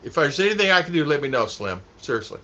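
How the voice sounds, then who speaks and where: Male vlog host chatting to a live chat, bright tense tone, rambles and repeats, muffled stream sound. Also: a little high, sing-song, fast. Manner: rambling, repeats himself, laughs a lot. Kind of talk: casual livestream chat. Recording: dull lo-fi stream audio.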